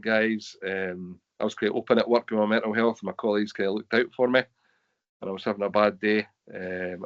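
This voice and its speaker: A man's voice: fairly low pitch, dull audio. A man with a Scottish accent, telling earnest personal stories with quoted dialogue in an online talk. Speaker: webinar speaker sharing lived experience. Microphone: video call.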